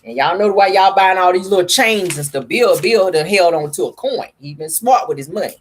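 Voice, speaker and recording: A woman's voice: lowish voice, lively intonation, a little fast, a little hiss or hum. A woman vlogger giving casual gossip commentary in a sassy, chatty way, calling her viewers honey.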